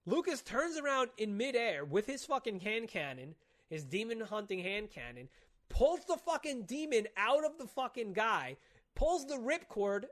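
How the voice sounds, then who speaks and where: A fairly high-voiced man co-hosting a casual podcast, talking fast and loose. He piles up curse words while he excitedly retells plots, stumbling and restarting as he goes. His voice has a lightly raised register. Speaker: podcast co-host. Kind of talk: casual chat.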